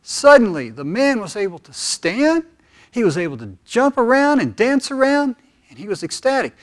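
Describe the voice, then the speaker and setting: A male pastor delivers a sermon with lively, conversational storytelling. His voice sits notably high for a man. He moves easily between joke and teaching. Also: normal speed.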